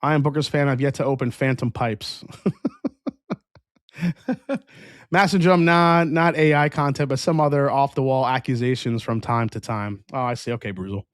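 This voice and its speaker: A man of middle pitch chats casually as he hosts a live review stream, rambling along and often restarting his sentences. The sound is dry and close, with no room around his voice. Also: normal speed, pauses often, no echo. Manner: rambling, restarts often, reads chat aloud. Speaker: whiskey review livestream host. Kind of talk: casual livestream chat.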